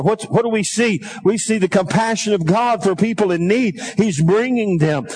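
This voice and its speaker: A middle-aged man with a high voice preaches a sermon. He reads scripture aloud, calls out to the congregation, and rises into a sing-song lilt when stirred. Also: normal speed, few pauses, a little mellow, breathy edge, poor audio. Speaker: pastor.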